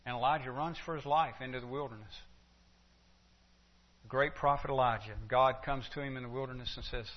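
A man's voice: medium pitch, brisk. Conversational male preacher, dull lo-fi recording. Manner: conversational, rhetorical questions, restarts. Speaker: pastor. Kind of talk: expository sermon.

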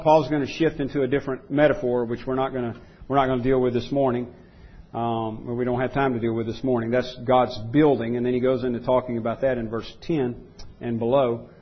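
A man's voice: mid-range voice, dull audio. A man preaching a sermon as pastor, emphatic and repeating key phrases for stress.

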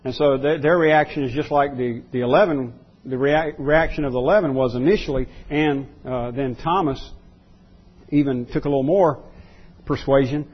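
A man's voice: mid-range voice, normal speed, husky, muffled recording. A man preaching a sermon as pastor, repeating key words for emphasis and restarting his sentences often.

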